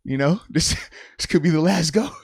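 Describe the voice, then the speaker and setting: A man's voice: a little high, normal speed, gravelly, husky, no echo, clean studio sound. A man co-hosting a casual sports podcast, teasing and laughing often. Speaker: podcast co-host.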